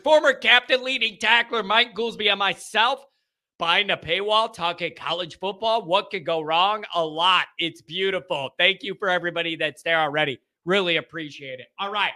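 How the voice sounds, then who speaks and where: A man's voice: sits high, normal speed, bright, forceful tone. A man hosting a sports podcast, talking through his predictions in an emphatic, opinionated and sarcastic way. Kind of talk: casual sports commentary.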